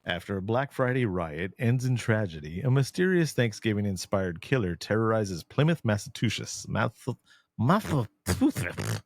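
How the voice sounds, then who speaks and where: A man's voice: fairly low pitch, expressive, moderate pace, few pauses, dry recording, studio quality. A man from San Antonio, co-hosting a casual podcast chat, blunt and ranting, swearing freely. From San Antonio, Texas. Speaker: podcast co-host.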